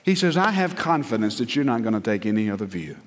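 Emphatic pastor preaching in a hall. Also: male voice, on the low side, big pitch swings, quick pace. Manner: emphatic, rising to loud peaks and dropping to hushed lines. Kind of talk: sermon. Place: church sanctuary. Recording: long church hall reverb.

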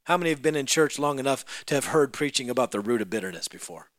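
A man preaching a sermon in a church, telling a story with lively acted-out voices that rise to loud peaks. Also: mid-range voice, fast, no echo.

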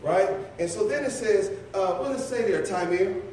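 Man, middle-aged, preacher, high voice, playful teasing, roomy church echo, distant mic. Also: normal speed, darkish tone, slight background noise. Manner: playful, teasing, calls on listeners by name. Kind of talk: conversational sermon. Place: church sanctuary. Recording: echoey church from far off.

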